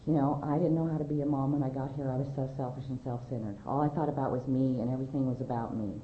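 A woman in her forties sharing her personal testimony to a large audience, candid and emotional, laughing often and going high when excited. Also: quick pace. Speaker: speaker sharing her story at a recovery convention. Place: large convention hall. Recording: echoey hall, dull lo-fi sound, faint noise.

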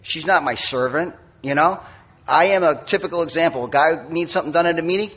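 Husky man telling his recovery story. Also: fairly high pitch, a bit bright. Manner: candid, self-mocking storyteller with quick asides. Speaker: recovery meeting speaker. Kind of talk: personal testimony talk.

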